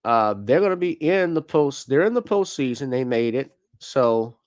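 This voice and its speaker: A man's voice: medium pitch, sing-song, moderate pace. A man hosting a casual show, chatting loosely about football and basketball, joking and swearing. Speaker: podcast host. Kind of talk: casual sports commentary.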